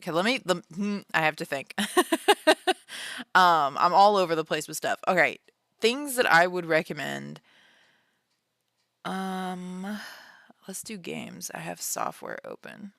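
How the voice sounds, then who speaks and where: A young woman talks casually to her stream from home, her voice sitting a little low. She is animated and laughs often, with plenty of fillers. The sound is dry and close, with no room echo. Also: unhurried, pauses often. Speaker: livestream host and author. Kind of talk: casual livestream chat.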